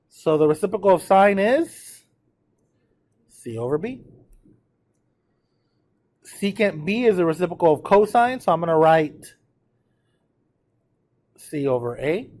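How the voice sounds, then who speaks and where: A math teacher gives a classroom lecture on trigonometry, checking in with students often and having them repeat terms aloud to drill pronunciation. His voice is high-pitched and animated with a darkish tone, and he speaks at a measured pace with long pauses.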